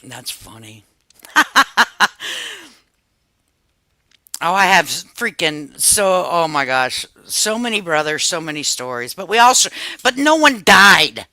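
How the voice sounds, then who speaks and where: A woman's voice: fairly low pitch, sing-song, takes it slowly, long pauses, pushed and bright, dry recording, low-quality recording. A woman in her fifties chatting casually on a livestream, telling family stories with a lot of cursing and laughter. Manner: profane, laughing storyteller. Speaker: livestream host.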